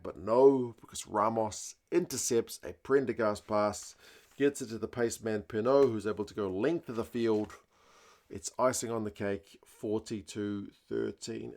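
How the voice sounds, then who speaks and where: A young man hosting a casual rugby match review, chatty and conversational, using fillers and mild slang. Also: medium pitch. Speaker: rugby channel host.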